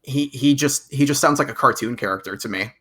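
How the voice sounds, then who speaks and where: A man's voice: medium pitch, fairly quick, fairly bright tone. A man co-hosting a movie podcast, chatting casually and rambling with many restarts. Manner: rambling, restarts with stacked repeats. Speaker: podcast co-host. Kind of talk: casual chat.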